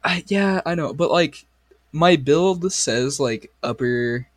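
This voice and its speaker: A man's voice: a little high, animated, takes it slowly, dry recording. A young man co-hosting a casual podcast, swearing a lot and retelling stories with animation. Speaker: podcast co-host. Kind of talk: casual chat.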